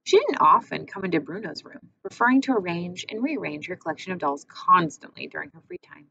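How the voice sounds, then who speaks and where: A woman narrating an audiobook in a measured, expressive reading. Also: fairly low pitch, vocal fry. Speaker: audiobook reader. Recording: muffled with faint hiss.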